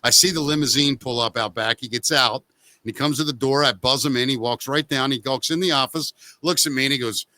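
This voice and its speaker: A man's voice: mid-range voice, brisk, pushed and bright. A man hosting a podcast in casual chat, telling anecdotes and swearing freely. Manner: swears freely, tells anecdotes with acted quotes. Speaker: podcast host.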